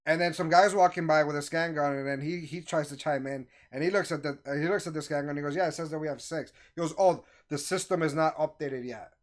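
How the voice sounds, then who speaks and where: A man with a somewhat higher voice tells a story in a relaxed, chatty way. He gets animated, acting out the lines of the people in it. It sounds like casual storytelling among friends. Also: fast, hardly any pauses. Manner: animated, acts out quoted voices. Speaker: host telling a story.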